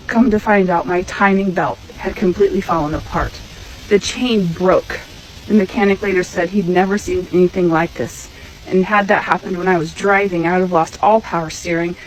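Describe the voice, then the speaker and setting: A woman from Missouri telling a personal testimony in an emphatic, animated way. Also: fairly low pitch, low-quality recording. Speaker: storyteller sharing a testimony.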